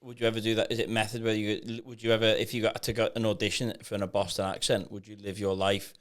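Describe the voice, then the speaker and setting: A man co-hosts a casual podcast, throwing out jokey, rambling questions and repeating words. His voice is low and smooth. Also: little pitch movement, fast.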